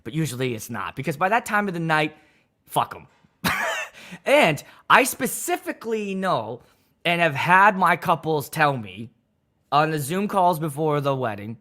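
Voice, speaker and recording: A man's voice: a little high, sing-song, unhurried, sharp tone. A man hosting a casual livestream, talking loosely and energetically, greeting viewers and swearing freely. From Pittsburgh area. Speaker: wedding DJ and livestream host.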